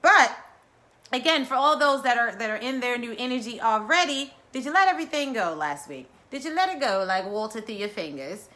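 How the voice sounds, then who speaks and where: Bright-voiced woman, bit high, playful wellness chat, talks folks thru breathing. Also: fairly quick. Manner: lively, playful, drawls and chuckles. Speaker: wellness vlogger. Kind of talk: guided breathing and casual chat.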